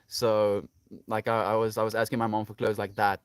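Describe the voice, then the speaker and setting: A South African man livestreaming from his farm garden, reading out viewer comments in relaxed, rambling casual chat. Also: lowish voice, fairly quick, clear, resonant tone, no echo, studio quality. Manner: relaxed, chatty, many fillers like "like" and "you know". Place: home on a farm, outdoors in a garden.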